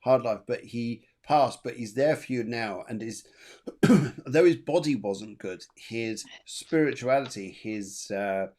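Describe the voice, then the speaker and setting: A man's voice: mid-range voice, a little mellow. A man hosting a live psychic reading show, chatty, repeating his words and laughing often. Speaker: medium and show host.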